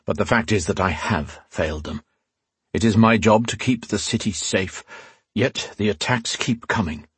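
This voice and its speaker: A man voicing a powerful, weary old male ruler who speaks in a grave, measured way and sometimes growls. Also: fairly low pitch, slightly rough, dry recording.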